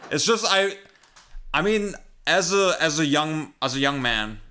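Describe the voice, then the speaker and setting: A man's voice: fairly high pitch, animated, unhurried, pushed and bright, clean tone. A young man with a Californian-sounding American accent, chatting casually while streaming a game, rambling, trailing off and swearing often.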